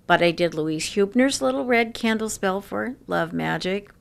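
A woman around sixty telling stories in an interview, lively and laughing often. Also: mid-range voice, normal speed, gravelly, hardly any pauses, clean tone. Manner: lively storyteller who laughs often and acts out quoted voices. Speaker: interview guest. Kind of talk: casual storytelling interview.

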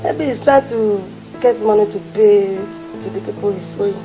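A woman's voice: medium pitch, normal speed, natural voice. A woman playing a scornful Nigerian stepmother. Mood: cool. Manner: scornful, shouting. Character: resentful stepmother, sharp-tongued. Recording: loud film music behind.

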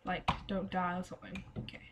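A woman playing a game and chatting as she goes, her voice going hoarse, swearing and singing to herself. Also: fairly low pitch, monotone, a little fast, background noise. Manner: chatty, swears often, sings and mutters to herself. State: losing her voice. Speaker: gamer. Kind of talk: casual let's play commentary.

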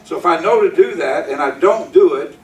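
Preaching man, high voice, echoey sanctuary. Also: lively intonation, a little fast, a little hiss or hum. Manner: emphatic repetition, direct questions to congregation. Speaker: pastor. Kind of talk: sermon. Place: church sanctuary. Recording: echoey hall, mic from a distance.

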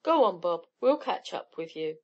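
A woman's voice: lowish voice, sing-song, normal speed, lo-fi sound. A woman voicing a blunt, loyal teenage boy who speaks firmly. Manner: forthright, firm.

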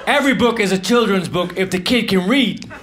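A man performing live stand-up comedy, delivering deadpan one-liners with mumbled self-deprecating asides. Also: sits high, fairly quick. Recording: noisy live club recording with audience laughter.

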